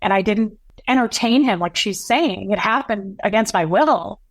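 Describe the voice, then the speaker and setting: A woman guest in an interview, recounting a painful personal story in a halting, emotional, long-winded way. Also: mid-range voice, no echo.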